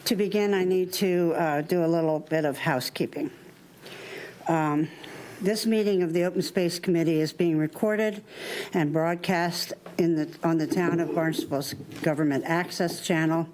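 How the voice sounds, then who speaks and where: A woman chairing a town committee meeting, slightly out of breath and halting, with many fillers. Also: fairly low pitch, fairly even intonation, a little mellow, poor audio.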